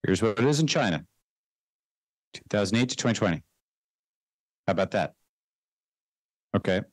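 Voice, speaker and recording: Man explaining stuff fast and emphatic, lowish voice, dry studio sound, keeps saying right and okay. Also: animated, no echo. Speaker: guest investor. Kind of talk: conversational interview.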